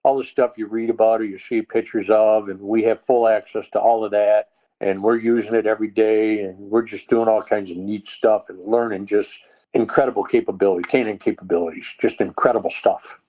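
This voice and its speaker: Speaking briskly in a fairly low voice over a low-quality recording, a dog trainer from Texas guests on a podcast. In relaxed chat, he spins a lively tale, acting out each line of quoted dialogue himself.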